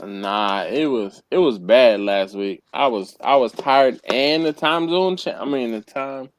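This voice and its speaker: A man's voice: medium pitch, measured pace. A man hosting a casual group chat over a video call, laid-back and joking, repeating himself. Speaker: livestream host.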